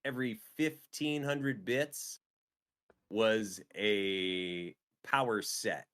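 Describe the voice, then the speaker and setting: A man's voice: fairly low pitch, drawn-out words. A man who is a guest streamer, chatting casually and acting out his reactions as he tells stories. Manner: animated storyteller, acts out his own reactions. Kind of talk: casual chat.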